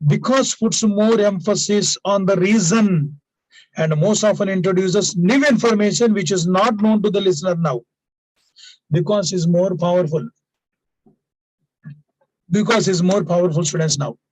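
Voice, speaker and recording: A man's voice: high-pitched, normal speed, long pauses, dry recording, rough recording. A man teaching an English grammar lesson to students, explaining usage through example sentences and repeating key points, often tagging lines with "now" and "please".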